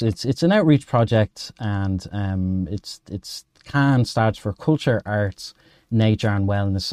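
A man from Dublin with a Dublin Irish accent, speaking as a guest in a casual interview. His voice sits low and mellow, and he rambles through friendly restarts. The sound is dry and close. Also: no room sound. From Ireland. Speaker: guest, project co-founder.

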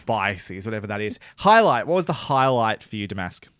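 A man's voice: on the low side, very animated, brisk, a bit bright, clear, resonant tone, no echo, studio quality. A man co-hosting a casual TV review chat, hesitant and self-conscious, often restarting his sentences. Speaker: podcast co-host.

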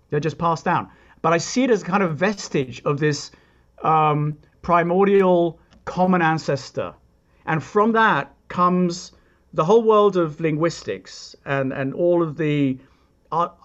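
A man speaking as a composer guest, working through ideas in a reflective way with asides and restarts. His voice sits a little high for a man. The sound is dull and lo-fi. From England. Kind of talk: explanatory interview talk.

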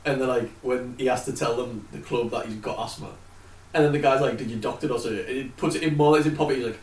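A man's voice: mid-range voice, fairly even intonation, quick pace, distant mic, slight background noise. A man co-hosting a casual film podcast, blunt and sweary. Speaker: podcast co-host. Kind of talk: casual film review banter. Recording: echoey room, off-mic.

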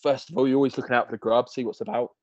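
A man's voice: mid-range voice, little pitch movement, very fast, no echo, lo-fi sound. A man hosting a podcast, chatting casually with matey banter. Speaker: podcast host. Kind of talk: casual chat.

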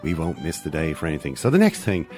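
A man's voice: extremely low pitch, huge pitch swings, fast talker, music in the background. A man telling a comic story as a regular show segment, wry and yarn-spinning. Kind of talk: comic monologue.

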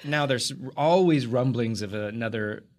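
Podcast host guy, jokey and teasing, asks quick questions. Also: medium pitch. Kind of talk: casual interview chat.

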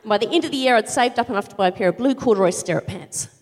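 A middle-aged woman doing live stand-up comedy, ranting in exasperation with sudden shouted outbursts. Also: on the high side, racing. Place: large theatre stage. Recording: live theatre with long reverb.

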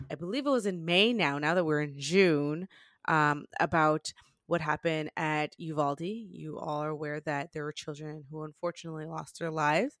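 Lady hosting a podcast, upbeat and chatty, a bit low-pitched, dry close sound. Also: fairly bright tone, dry recording. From Canada. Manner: upbeat and chatty, with frequent restarts. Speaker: podcast host. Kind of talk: casual podcast chat.

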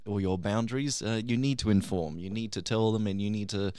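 A man's voice: fairly low pitch, a little fast, warm tone, clean tone, no room sound. A man speaking as a podcast guest, earnest and hesitant, with many fillers. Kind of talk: casual podcast chat.

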